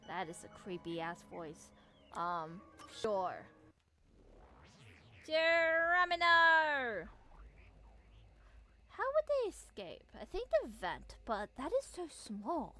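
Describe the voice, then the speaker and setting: A woman's voice: lowish voice, animated, unhurried. A woman streaming a video game, chatting and reacting as she plays, with game music behind. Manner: chatty, reacting and reading along. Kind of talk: let's play commentary.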